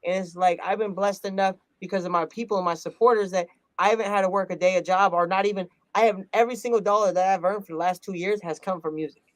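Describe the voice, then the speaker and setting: A man, a rap artist, telling a personal story in an earnest, animated way, often laughing and acting out quotes. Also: high voice, fast talker, hardly any pauses, dry recording. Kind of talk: casual interview storytelling.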